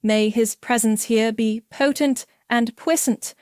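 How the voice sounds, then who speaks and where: A woman's voice: fairly high pitch, fairly even intonation, slow pace, a little mellow, dry recording, studio quality. A woman playing a pompous fake medium. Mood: grandiose. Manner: grandiose, solemn incantation.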